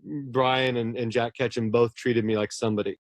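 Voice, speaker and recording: A man's voice: medium pitch, level tone, moderate pace, no echo. A man, a horror novelist, talking earnestly and at length in a casual interview, often restarting his words.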